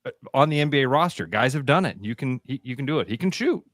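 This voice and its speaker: A man's voice: mid-range voice, animated, fast talker, a bit bright, no echo, studio quality. A man in his forties co-hosting a sports radio show, talking in an earnest, emotional, casual way.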